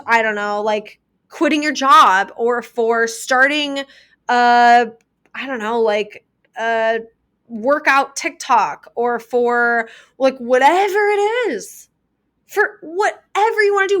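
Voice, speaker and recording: A woman's voice: fairly high pitch, a bit bright. A young woman hosting a podcast, talking casually and earnestly, full of "like" fillers. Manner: chatty, many "like" fillers, earnest advice. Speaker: podcast host. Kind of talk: casual solo podcast talk.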